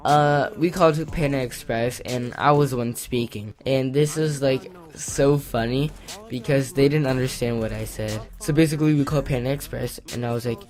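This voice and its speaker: A man's voice: medium pitch, moderate pace. Rambling teen boy telling a story. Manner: excitable, rambling, lots of fillers. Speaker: vlogger. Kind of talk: storytime commentary.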